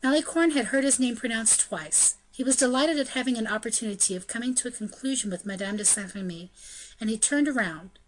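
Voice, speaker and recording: A woman narrating a classic novel in a steady, measured way. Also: fairly high pitch, a little hiss or hum, poor audio. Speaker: audiobook narrator. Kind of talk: scripted narration.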